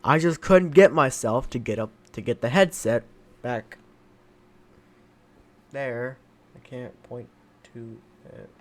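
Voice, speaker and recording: A man's voice: mid-range voice, lively intonation, takes it slowly, long pauses. A man hosting his video in casual commentary, sounding weak and tired, rambling on. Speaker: gaming video host. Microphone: headset.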